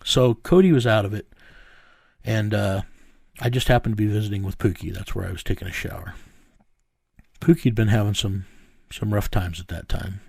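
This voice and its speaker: A man's voice: fairly low pitch, steady tone, moderate pace, creaky, long pauses, darkish tone, breathy edge, no room sound, studio quality. A man bluntly telling his own story in a casual interview, often repeating words as he restarts. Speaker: bounty hunter guest telling his story.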